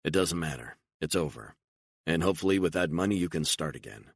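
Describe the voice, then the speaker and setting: A frightened, emotional woman on the run, as a deep-voiced man narrator puts her on in an audiobook. She pleads and protests in disbelief, lifting her pitch high above his gravelly baseline. The sound is close and dry. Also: expressive, a little fast, no echo, exaggerated voice. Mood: tearful. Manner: pleading, incredulous, raising voice.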